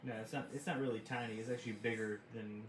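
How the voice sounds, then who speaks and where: A man's voice: mid-range voice, fairly even intonation, fast, reverberant, a little hiss or hum, low-quality recording. A man co-hosting a craft livestream, teasing his partner and telling stories with playful mimicry. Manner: teasing, storytelling, mimics voices in quotes. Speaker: craft channel co-host. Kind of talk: casual livestream banter.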